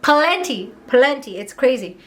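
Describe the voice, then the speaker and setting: A young woman from Montreal tells her story straight to the camera, candid and fired up, dropping curses and quick asides. Her voice is bright and a touch high, with a forceful edge. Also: expressive. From Montreal, Canada. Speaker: vlogger. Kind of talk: casual storytime vlog.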